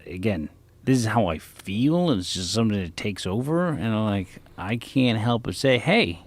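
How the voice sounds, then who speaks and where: A man's voice: on the low side, lively intonation, moderate pace. A middle-aged man, a comedian guest on a podcast, talking in earnest, casual, self-searching chat with casual swearing.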